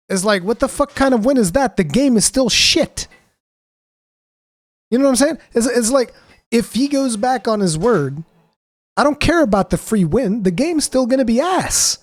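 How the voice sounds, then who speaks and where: Streamer guy ranting about a vid, swears a lot, kinda high voice, dry close mic. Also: no echo. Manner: profane, exasperated, sarcastic. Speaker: streamer reacting to a video. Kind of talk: casual reaction commentary.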